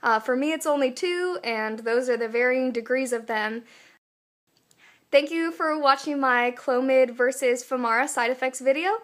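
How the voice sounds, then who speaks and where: A woman's voice: high voice, moderate pace, a bit bright. A young woman talking candidly in a casual personal vlog, chatty and full of fillers. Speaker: vlogger.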